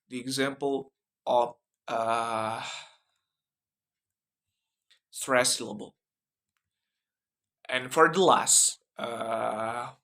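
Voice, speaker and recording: A man's voice: medium pitch, fairly bright tone. A young man giving a class video presentation, hesitant, with many fillers and restarts. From Indonesia. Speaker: student presenter.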